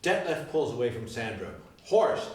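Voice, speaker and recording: A man narrating the stage directions of a musical reading in a lively, expressive way. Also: medium pitch, unhurried. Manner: lively, expressive read-aloud. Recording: echoey room from far off.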